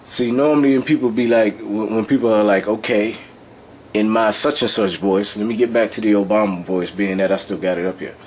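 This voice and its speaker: Teaching in a relaxed, explanatory way, a man speaks fairly quickly in a fairly low, slightly mellow voice with fairly even intonation. He's loose and repetitive, often making sure the listener keeps up, and there's a little hiss or hum.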